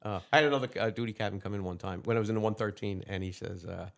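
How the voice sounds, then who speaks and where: A man, a retired police lieutenant telling animated anecdotes as an interview guest, acting out the other people's lines as he goes. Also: on the low side, vocal fry. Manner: animated anecdotes with quick quoted dialogue. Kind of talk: casual storytelling interview.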